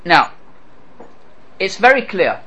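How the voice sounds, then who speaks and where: A man's voice: high-pitched, sing-song, slow, pushed and bright, muffled recording. A man teaching a scripture class who asks rhetorical questions and quotes Hebrew verses before translating them. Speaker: Torah teacher. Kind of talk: lecture on scripture.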